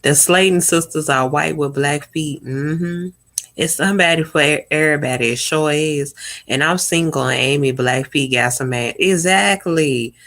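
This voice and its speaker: A young woman hosting a live stream, talking bluntly and profanely in a casual chat, often swooping up high in pitch. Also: normal speed, a bit bright.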